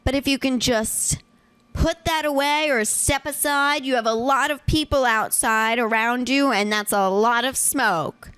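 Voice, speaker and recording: Woman doing a fussy elderly lady, prim, overly polite, raised pitch, a bit louder, dry close sound. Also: unhurried, smooth, dry recording. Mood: prim scolding.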